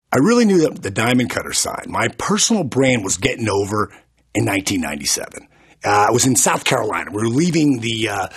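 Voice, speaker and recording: A man giving a motivational talk recorded for an audio CD, telling stories in an animated way and acting out the scenes. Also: mid-range voice, slightly rough. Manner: storytelling, animated, plays out scenes. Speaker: motivational speaker.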